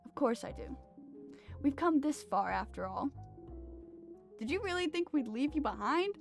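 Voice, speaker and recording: A woman voicing a loyal young male companion in a game, speaking in a gentle, earnest way. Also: high-pitched, sing-song, normal speed, gravelly, soft background music, voice pushed up, exaggerated voice. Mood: reassuring.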